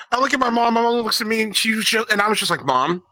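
A man's voice: high voice, bright, forceful tone, no room sound. A young man hosting a podcast, retelling an awkward story with laughter and acted quotes. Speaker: podcast host. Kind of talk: casual storytelling.

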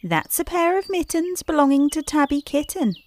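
A fussy little hedgehog washerwoman chatters politely in a high, lilting voice, as a woman reading a bedtime story puts her on. She is anxious and eager to please. The sound is close and dry, with little room. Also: sing-song, normal speed, dry recording. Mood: chatty. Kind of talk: storybook character voice.

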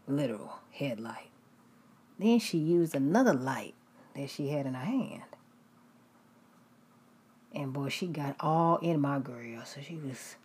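Husky, low-voiced woman preacher. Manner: lively storytelling with whispered asides. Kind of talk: storytelling sermon.

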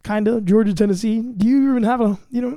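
A man's voice: high-pitched, fairly even intonation, fast, warm tone, no echo, studio quality. A man hosting a casual comedy podcast, bragging in a mock-grandiose, self-mocking way. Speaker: podcast host.

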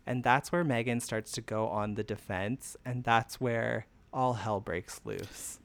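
A man's voice: mid-range voice, unhurried, vocal fry, fairly bright tone. A man co-hosting a podcast in casual chat, telling the story and acting out quotes with frequent laughs. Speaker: podcast co-host. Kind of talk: casual chat recapping a TV show.

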